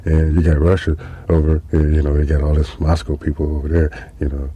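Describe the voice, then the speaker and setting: A man's voice: a bass voice, little pitch movement, a little fast, dark tone, breathy edge, no echo. A man hosting a podcast, telling a comic story in a casual, profane, rambling way with lots of fillers. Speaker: podcast host. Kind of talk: comedic storytelling monologue.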